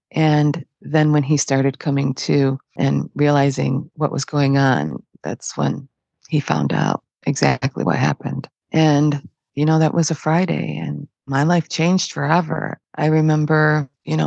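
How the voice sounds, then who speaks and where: A woman from Detroit, a podcast guest, retelling a painful personal story in a halting way, repeating her phrases. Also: sits low, vocal fry, darkish tone, husky, dry recording, lo-fi sound. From Detroit, USA.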